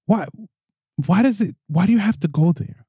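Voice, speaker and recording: A man's voice: high voice, moderate pace, breathy edge, no room sound. A man hosting a podcast, reading a letter aloud and then ranting indignantly, with mocking impressions of the other side. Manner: animated, indignant, mocking put-on voices. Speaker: podcast host. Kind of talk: opinion podcast monologue. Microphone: studio microphone.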